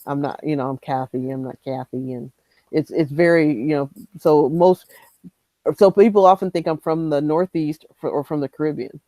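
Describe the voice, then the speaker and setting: A woman's voice: low-pitched, normal speed, warm tone, no room sound, poor audio. A woman from Michigan talking casually as a podcast panelist, thoughtful and conversational. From Michigan, USA. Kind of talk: casual chat.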